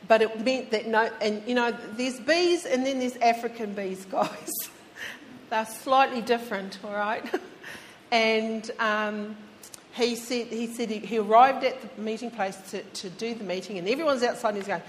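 A woman's voice: on the high side, normal speed. A woman preaching a sermon in a chatty storytelling way, speaking straight to her listeners. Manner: chatty, addresses listeners directly. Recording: long hall reverb, faint background hum.

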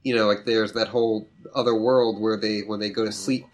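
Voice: mid-range voice, steady tone, a little fast. A performer chatting casually with hesitant, stammering restarts. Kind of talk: casual chat while reading.

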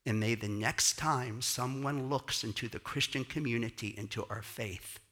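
A man, founder of a dance company, giving an inspirational sermon in a storytelling way that slows and softens for emphasis. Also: medium pitch.

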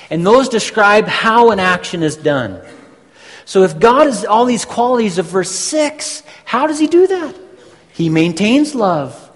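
A man preaching a sermon, teaching slowly and deliberately with emphatic pauses. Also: high voice. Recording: long hall reverb.

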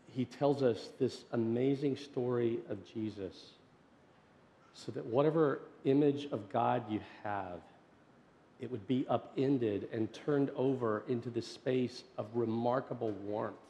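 Pastor storytelling in a reverberant hall. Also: male voice, medium pitch, measured pace, muffled recording. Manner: animated storyteller, swinging from loud to hushed. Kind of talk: storytelling sermon. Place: church sanctuary.

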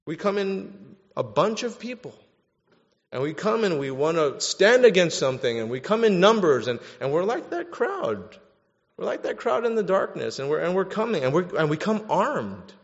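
A man preaching a sermon, animated, swinging between loud bursts and hushed stretches. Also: sits high. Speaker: pastor. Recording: dull sound with long hall reverb.

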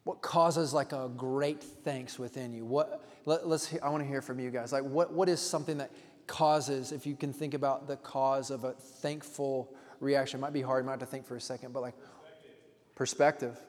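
A man's voice: mid-range voice, steady tone, normal speed. Man preaching casually in a reverberant hall. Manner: casual, storytelling, engages the congregation with questions. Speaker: pastor. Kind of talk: conversational sermon.

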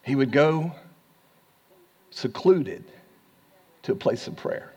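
A man with an American accent preaching a sermon as pastor, swinging from hushed asides to loud, rising lines and laughing often. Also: mid-range voice, animated, slow, slightly rough, big-room sound, lo-fi sound.

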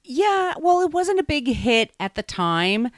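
A woman's voice: high-pitched, sing-song, a little slow, dry recording, clean studio sound. A middle-aged woman, a podcast guest and author, talking in a friendly, easy way. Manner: friendly, laughing easily. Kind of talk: casual podcast interview.

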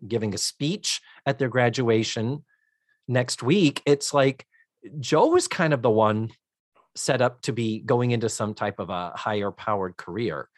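An animated podcast co-host talks through a TV episode in casual, exasperated chat, cursing along the way. The voice sits at a middling pitch in a dry, close sound with no room around it. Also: no room sound. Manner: animated, exasperated, swears freely.

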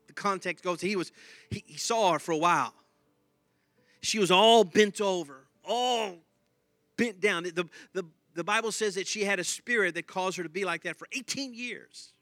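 A male pastor preaching with a bright, forceful voice that sits a touch high. His delivery is animated, with quick repeats and bursts of laughter. The sound is dry and close. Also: dry recording. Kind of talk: sermon.

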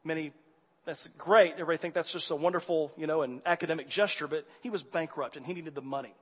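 Male pastor, sermon storytelling, high voice, long hall reverb, animated. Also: quick pace, slightly rough. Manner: animated, swings from quiet to loud exasperation.

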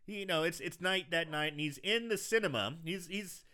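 A man's voice: fairly high pitch, animated, bright, forceful tone, smooth. A man casually recapping a movie scene by scene on a podcast, rambling, swearing and laughing easily. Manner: rambling, profane, quick to laugh. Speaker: podcast host.

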